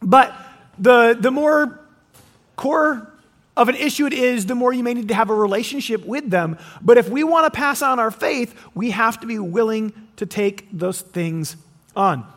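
A man preaches a sermon in an animated way, his voice sitting unusually high for a man. He slips into quoted voices and often restarts his phrases. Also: moderate pace. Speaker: pastor.

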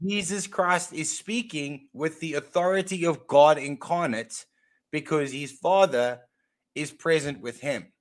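A man's voice: a little high, measured pace. Emphatic man arguing theology. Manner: emphatic, repeats key phrases. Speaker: podcast co-host. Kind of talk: casual theology discussion.

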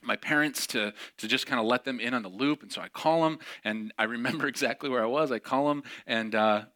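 A young man tells a personal story from the pulpit, lively and expressive. He acts out each quoted line in a bright, forward voice. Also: mid-range voice, brisk. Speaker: speaker. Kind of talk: storytelling sermon.

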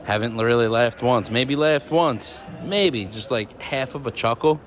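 A man sending a casual voice memo, complaining bluntly and deadpan. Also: medium pitch, unhurried, faint music behind.

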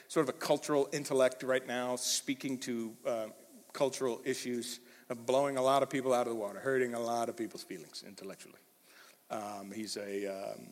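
Emphatic male pastor in a reverberant hall. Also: medium pitch. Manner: animated, emphatic, swings from loud to hushed; conversational, with fillers. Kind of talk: sermon. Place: church hall.

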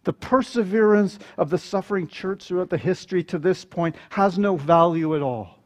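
A man delivering a sermon with a slightly raised pitch. He speaks earnestly, piling up phrases and pressing rhetorical questions with rising emphasis. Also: normal speed, few pauses. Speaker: preacher.

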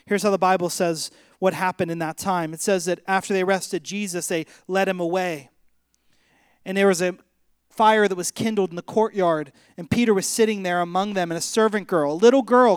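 A man preaching a sermon with passion, swinging between loud emphasis and soft, lowered delivery. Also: smooth, no echo. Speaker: pastor.

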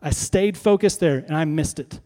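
Speaking at normal speed, a pastor with a fairly high but dark voice gives a sermon in a reverberant hall. His style is conversational, with rhetorical questions directed at the congregation.

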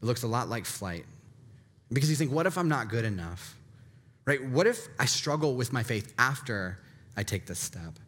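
A man's voice: mid-range voice, lively intonation, moderate pace, a bit bright. A man preaching a sermon as a pastor, earnest and repetitive, often checking in with a questioning "right?". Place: church sanctuary. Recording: long hall reverb.

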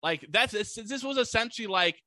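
A man's voice: high voice, lively intonation, brisk, bright, forceful tone, dry recording. A man co-hosting a casual podcast, animatedly retelling a movie plot and acting out quoted lines. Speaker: podcast co-host. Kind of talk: casual movie recap chat.

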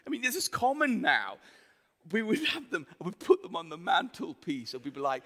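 A man's voice: high-pitched, wildly swooping pitch, normal speed, a bit bright. A man in his forties with a Yorkshire accent, preaching in a chatty, joking storytelling way to his congregation. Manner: chatty, jokey storytelling with the crowd. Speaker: pastor. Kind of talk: sermon. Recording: hall with long reverb.

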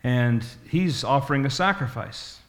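A man's voice: mid-range voice, lively intonation, measured pace, fairly bright tone. Man doing a gatekeeper, patient, matter-of-fact, explaining, sermon story.

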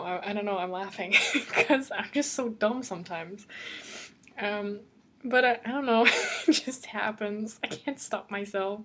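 A woman talks alone on her podcast in a loose, rambling way. She laughs between thoughts and keeps the talk casual. Her voice sits at an ordinary pitch for a woman. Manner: chatty, laughs often, rambling. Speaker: podcast host. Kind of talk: casual solo podcast chat. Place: lives alone in Amsterdam.

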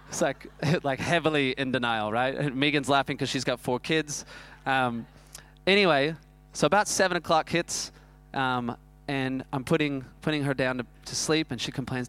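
A man, preaching a sermon that is built around a self-mocking personal story told in an animated way. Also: medium pitch, moderate pace, few pauses. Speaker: pastor.

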